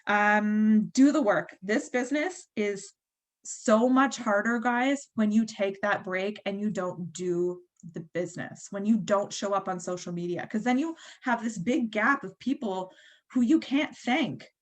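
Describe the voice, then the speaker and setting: A woman's voice: medium pitch, measured pace. A woman in her thirties giving a chatty, encouraging motivational talk to her team on a call, full of fillers like "um" and "like.". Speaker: team leader.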